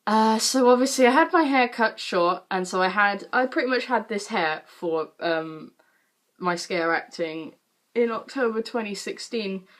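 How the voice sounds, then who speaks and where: A British vlogger in her late teens tells a story to camera, casual and animated, packed with fillers and casual swearing. Her voice is medium-pitched and a little slow.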